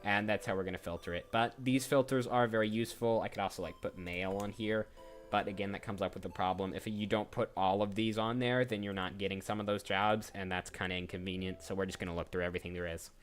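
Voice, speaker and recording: A man's voice: on the low side, steady tone, fast. A man who works as a voice actor, chatting casually on a livestream and thinking aloud as he browses, often restarting sentences. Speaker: voice actor streamer. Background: faint background music.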